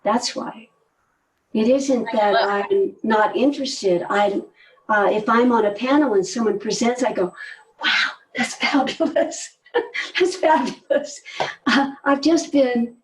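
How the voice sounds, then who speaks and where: Older woman, lively storyteller, distant mic. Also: on the high side, slight background noise. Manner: animated, laughs often, trails off mid-sentence. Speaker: guest, movement teacher. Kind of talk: conversational storytelling.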